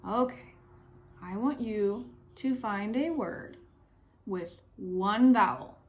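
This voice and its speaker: A young woman teacher giving a recorded phonics lesson to young pupils, speaking clearly, asking questions and pausing for answers. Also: medium pitch, darkish tone. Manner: slow, clear, encouraging teacher talk, asks questions and pauses.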